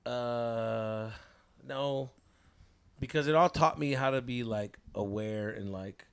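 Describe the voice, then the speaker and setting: A man's voice: medium pitch, takes it slowly, clear, resonant tone. A man in his thirties telling a wild story on a casual podcast, slangy, swearing often and mixing in Spanish words.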